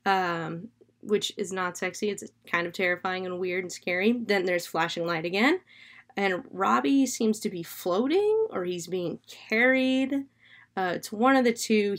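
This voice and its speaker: A woman's voice: medium pitch, normal speed. Chatty woman recapping a horror film. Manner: chatty and animated, filler-heavy, swears freely. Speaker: podcast host reviewing a horror film. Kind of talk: casual spoken film recap.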